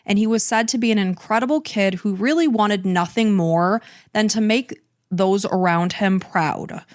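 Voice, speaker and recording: A woman's voice: medium pitch, normal speed, no echo, clean studio sound. Earnest woman narrating true crime. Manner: earnest, recounting events step by step. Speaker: podcast host.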